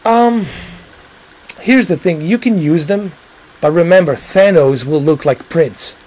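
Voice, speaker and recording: A man's voice: a little high, measured pace, darkish tone, poor audio. A man hosting a livestream, chatting casually and rambling to his viewers, swearing now and then. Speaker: livestream host.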